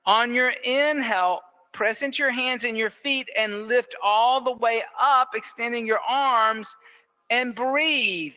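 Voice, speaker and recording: Bright-voiced playful male yoga teacher. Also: sits high, measured pace, smooth. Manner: playful, teasing instructor who counts breaths aloud. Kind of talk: guiding a live yoga class. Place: indoor yoga studio with windows.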